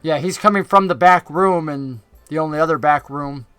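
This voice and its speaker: A man's voice: a little high, normal speed, a bit bright, clean tone, no echo, faint music behind. A man narrating a tabletop game as game master, describing the scene in an easygoing way.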